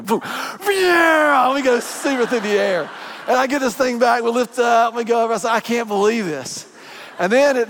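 A man preaching a sermon, telling a personal story in an animated, joking way to his congregation. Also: high voice. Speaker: pastor. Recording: long hall reverb.

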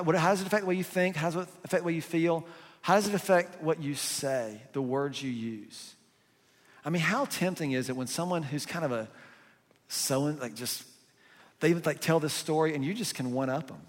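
A man preaching a sermon in a conversational, animated way, full of rhetorical questions. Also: on the high side, long reverb tail. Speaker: pastor.

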